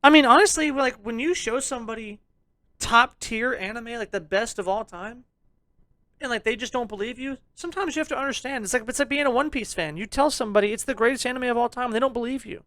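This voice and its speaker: A young podcast co-host with a very high-pitched voice rants fast and loud in a casual review chat, jokingly abrasive. He swears freely and teases his listeners, recorded close and dry with no room sound.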